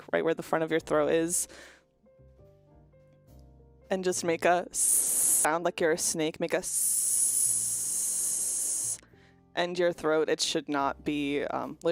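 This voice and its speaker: A young woman casually chatting on a stream, explaining pronunciation through demonstrations and swearing freely. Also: deep voice. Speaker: virtual streamer. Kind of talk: casual chat stream about linguistics.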